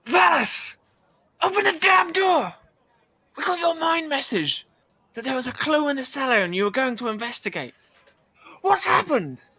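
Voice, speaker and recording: A man voicing a frantic adventurer who shouts through a locked cellar door. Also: extremely high pitch, very animated, moderate pace, long pauses, pitched above the performer's own voice, heavily acted. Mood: urgent, shouting. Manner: shouting, muffled.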